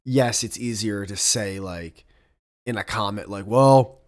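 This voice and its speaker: A young podcast host goes solo, speaking in an unhurried, lowish voice. His casual monologue wanders and swears freely, constantly breaking off into tangents.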